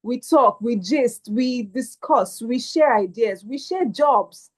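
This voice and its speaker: Woman host, fairly high voice, upbeat and persuasive. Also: slow pace, low-quality recording. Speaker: webinar host. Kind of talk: hosting a webinar.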